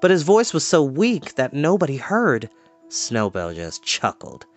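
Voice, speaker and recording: A storyteller reading a children's book aloud in an expressive, lively way. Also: mid-range voice, measured pace, faint music behind.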